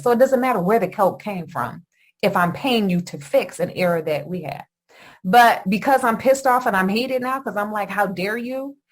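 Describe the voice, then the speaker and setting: A middle-aged woman from Michigan hosting a podcast, telling a personal story in an animated way and talking straight to her listeners. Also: fairly low pitch. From Michigan, USA. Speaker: podcast host. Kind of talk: storytelling monologue.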